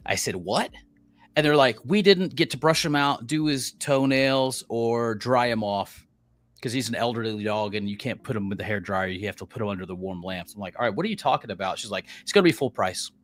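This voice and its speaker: A man's voice: medium pitch, a little fast. A middle-aged man, a podcast co-host, telling a story as a heated, profane rant and acting out quotes.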